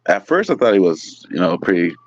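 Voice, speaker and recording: Guest: low-pitched man, animated, profane storyteller, dull lo-fi dry audio. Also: fairly quick, no room sound. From California. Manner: animated, swears a lot, lots of "like" fillers. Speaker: guest, restaurant waiter. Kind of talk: casual storytelling.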